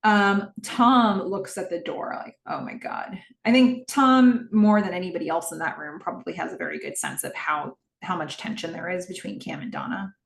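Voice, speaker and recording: A woman's voice: lowish voice, big pitch swings, normal speed, few pauses, roomy sound. A woman hosting a podcast, recapping a TV episode scene by scene in the present tense and voicing the characters' lines as she goes. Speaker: podcast host.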